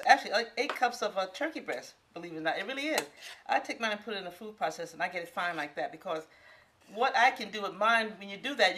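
A woman's voice: mid-range voice, fairly bright tone. Folksy exclamatory woman in her sixties. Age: 60s. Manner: exclamatory and folksy, talks straight to viewers. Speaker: home cook. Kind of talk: casual cooking demonstration.

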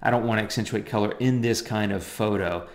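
A man's voice: fairly low pitch, brisk, roomy sound. A man casually talking through a photo editing tutorial in a loose, chatty way with plenty of fillers and asides. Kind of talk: casual screen-recorded tutorial.

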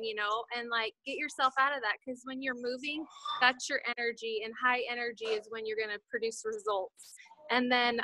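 High, bright, bubbly woman on a call. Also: no room sound, rough recording. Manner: bubbly, laughing, excited. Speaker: team member on a call. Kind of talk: casual video call chat.

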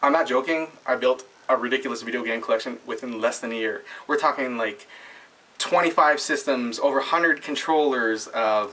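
A young man from Canada telling a long story to camera, excitable, laughing often and acting out his friends' lines. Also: mid-range voice, moderate pace, recorded from a distance, rough recording.

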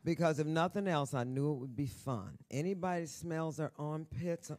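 A woman in her sixties, a guest author telling stories on stage at a live event, brassy, bawdy and loud, laughing often and talking straight to the audience. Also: low voice, moderate pace, slight background noise. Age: 60s. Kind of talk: storytelling on stage.

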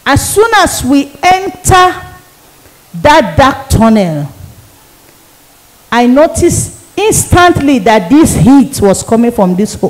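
A woman's voice: fairly high pitch, poor audio. Woman evangelist giving testimony. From Nigeria. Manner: emphatic, repeats phrases for effect. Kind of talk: emotional sermon testimony.

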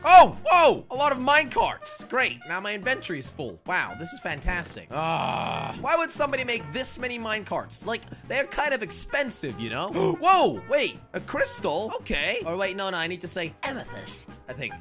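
Excitable man doing game commentary. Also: high voice, moderate pace, hardly any pauses, faint music behind. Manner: excitable, shouting, big swings. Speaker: gaming video host.

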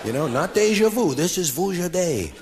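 A man's voice: sits high, sing-song, normal speed, over music. A man in his forties performing a stand-up comedy routine on a live stage, sardonic with mock-solemn asides. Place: live stage before an audience. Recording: noisy live recording.

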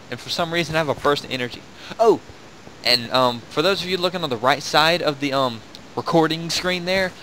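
A man's voice: medium pitch, a bit bright, a little hiss or hum, poor audio. A young man hosting a gaming video, rambling and joking in casual commentary while laughing at himself.

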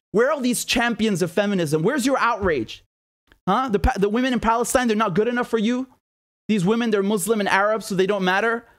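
Indignant high-voiced man ranting. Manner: indignant, rhetorical questions, heated; swears and repeats words when worked up. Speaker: political commentator. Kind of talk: angry political monologue.

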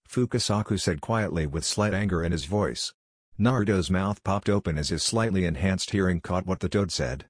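A man narrating a fan-fiction story aloud in an even, unhurried reading. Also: deep voice, no echo, studio quality.

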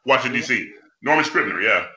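A man, a guest opera bass, talking earnestly and humbly in a casual video-call chat, with halting restarts. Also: expressive, a crowd in the background, poor audio.

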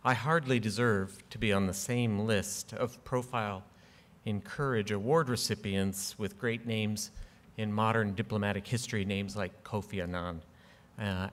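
A middle-aged man giving a formal acceptance speech at a podium, measured and earnest, with frequent ums and dry humor. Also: on the low side. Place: large ceremony hall. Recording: long hall reverb.

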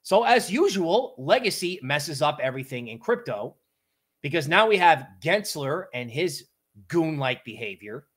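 A man with a higher-pitched voice hosts casual market commentary on a livestream. He tells his points as animated, joking stories. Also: measured pace. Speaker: crypto market livestream host.

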